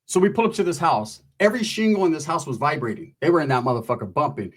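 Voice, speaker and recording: Brief: middle-aged male comic, husky and a bit high-pitched, loose and profane, slips into characters mid-story. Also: quick pace. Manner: profane, animated, acts out quoted voices. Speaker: comedian storyteller. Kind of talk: stand-up storytelling.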